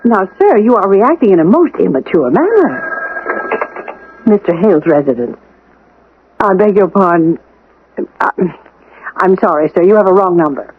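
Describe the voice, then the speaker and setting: A prim, formal manservant who lectures in measured, condescending tones. His voice sits high and moves a lot. The sound is thin and phone-like, from an old radio broadcast. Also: very animated, exaggerated voice. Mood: stiff. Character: prim, formal man in a rich man's household, a servant. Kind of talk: 1970s radio drama acting.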